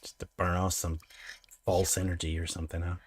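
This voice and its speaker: A man's voice: low-pitched, flat delivery, fairly quick. A man co-hosting a live painting stream, making dry jokes and reading out chat messages. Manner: dry, wry remarks, thanks subscribers.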